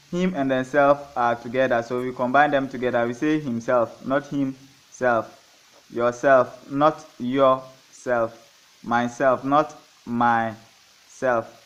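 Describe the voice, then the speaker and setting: A man teaching a grammar lesson, going slowly through examples, repeating each one and asking and answering his own questions. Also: fairly high pitch, a bit bright. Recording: dull lo-fi recording.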